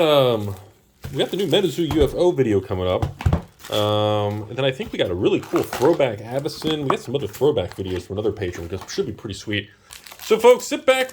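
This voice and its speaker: A man's voice: mid-range voice, slight background noise. A man hosting a casual pack-opening video, chatting about prices and exclaiming over the cards he pulls. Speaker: channel host.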